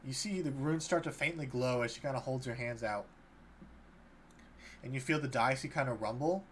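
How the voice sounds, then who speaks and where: A man's voice: mid-range voice, moderate pace, fairly bright tone. A man narrating a tabletop game as game master, loosely, with many fillers. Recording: faint background noise.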